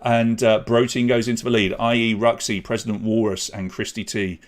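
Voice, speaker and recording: A man's voice: fairly low pitch, flat delivery, fairly quick. A man hosting a live online pub quiz, chatty and jokey as he reads out questions and scores. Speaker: quiz host.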